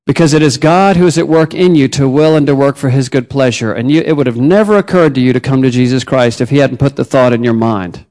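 A man preaching a sermon as a missionary, telling personal stories with lively rises and drops in pitch.

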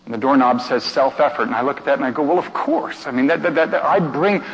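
A man preaching through a story, stammering and repeating himself, swinging between hushed and excited delivery. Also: mid-range voice, fast. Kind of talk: sermon storytelling. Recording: reverberant hall, dull muffled sound, faint noise.

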